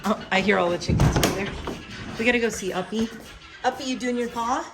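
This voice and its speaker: A woman's voice: a little high, animated, fairly quick, noisy background. A woman in a casual outdoor vlog, rambling and self-deprecating, and cooing at farm animals. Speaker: vlogger.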